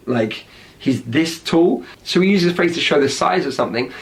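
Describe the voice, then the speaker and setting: A man's voice: a little high, expressive, fairly quick. A British man with a British accent, teaching slang words in an upbeat, explanatory way and often checking in with "right?". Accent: British English. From Britain.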